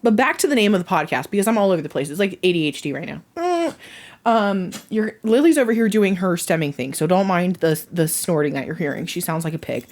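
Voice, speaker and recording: A woman's voice: fairly low pitch, animated, quick pace, darkish tone. A woman hosting her own podcast from home, chatting casually, rambling and laughing at her own jokes. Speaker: podcast host. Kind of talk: casual chat.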